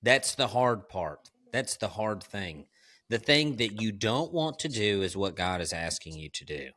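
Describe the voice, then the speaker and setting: A man's voice: fairly low pitch, sing-song, measured pace, pushed and bright. A man hosting a podcast in casual conversation, emphatic and candid, calling his guest "dude". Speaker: podcast host.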